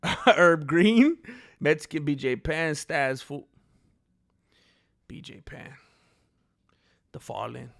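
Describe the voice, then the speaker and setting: Bright high-voiced man hosting a livestream. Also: big pitch swings, takes it slowly, creaky, long pauses. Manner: playful, joking, reads chat names aloud. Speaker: livestream host. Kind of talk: casual livestream chat.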